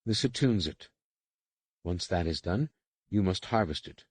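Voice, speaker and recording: A curt, commanding woman overseer gives orders in short, measured sentences, as a male audiobook narrator reads her. The voice sits low, and the studio sound is close and dry. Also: lively intonation, breathy edge, no room sound, full character voice. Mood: stern, instructing. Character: stern female alien slave overseer, curt. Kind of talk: audiobook character reading.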